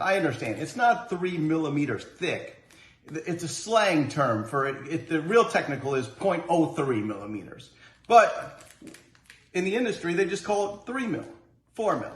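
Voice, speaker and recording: A man's voice: on the high side, fairly bright tone. A man playing a fussy snack reviewer. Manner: earnest, rambling, stumbles over words. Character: fussy adult male snack reviewer, earnest. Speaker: comedy sketch character reviewing candy. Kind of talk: mock product review. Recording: roomy echo, faint noise.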